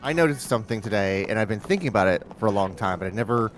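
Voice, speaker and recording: A man co-hosting a gaming livestream, asking rambling, halting questions full of fillers. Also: on the low side, lively intonation, slight background noise. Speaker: co-host on a gaming stream. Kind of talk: casual chat.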